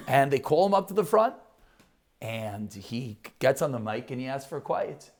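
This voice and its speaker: A man's voice: mid-range voice, expressive, moderate pace, gravelly, darkish tone. A man giving a Torah talk to a live audience, telling stories animatedly and posing rhetorical questions.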